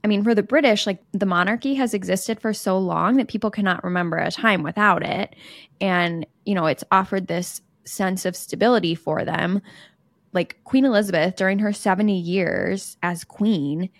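A woman's voice: mid-range voice, normal speed, no room sound. A young woman co-hosting a podcast, explaining her views at length in casual chat. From United States. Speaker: podcast co-host.

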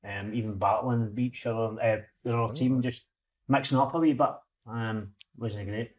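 Laid-back Scottish footballer. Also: male voice, mid-range voice, steady tone, moderate pace, a little mellow. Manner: laid-back, short replies. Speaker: football player guest. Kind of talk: casual chat.

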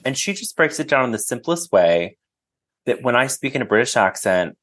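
A man speaking as a podcast guest in a casual book discussion, earnest and animated. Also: lowish voice. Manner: earnest, animated, trails off and restarts when moved.

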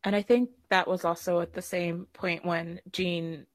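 A woman's voice: lowish voice, flat delivery, unhurried, no echo. A woman co-hosting a podcast in easygoing casual chat. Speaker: podcast co-host.

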